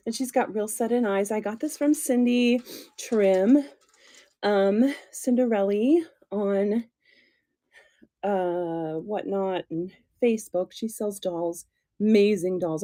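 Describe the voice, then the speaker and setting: Seated on a chair in a room at home, a woman with a mid-range, dark-toned voice hosts a casual doll chat live stream. She talks toward a tablet on a stand, giggling, chatting, and rambling with fillers as the doll channel host.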